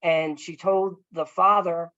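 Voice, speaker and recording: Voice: medium pitch, steady tone, slow pace, pushed and bright, no room sound, dull audio. A filmmaker telling a long story over a video call, earnest and rambling, with many fillers and restarts. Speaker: filmmaker guest.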